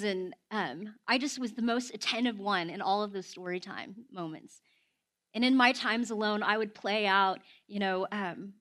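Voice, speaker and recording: A woman's voice: medium pitch, a bit bright. A young woman giving a heartfelt personal sermon at a prayer house, candid and emotional, telling stories conversationally.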